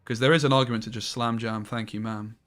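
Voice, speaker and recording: A man's voice: mid-range voice, fairly even intonation, quick pace, a bit bright. A man streaming a card game live, thinking aloud about each play and swearing casually as he goes.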